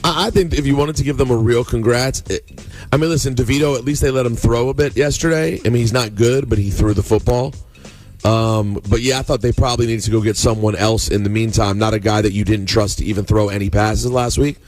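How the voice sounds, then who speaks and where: A man's voice: medium pitch, a little fast, a little mellow. A man co-hosting a morning radio show, bantering and ranting in mock outrage. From United States. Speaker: radio co-host. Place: radio studio. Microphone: studio microphone. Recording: radio studio with music bed.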